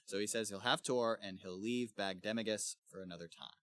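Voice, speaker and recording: A young man co-hosting a casual book club podcast, talking in a relaxed, rambling way and laughing often. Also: on the low side, a little fast, dry recording, clean studio sound. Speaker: podcast co-host.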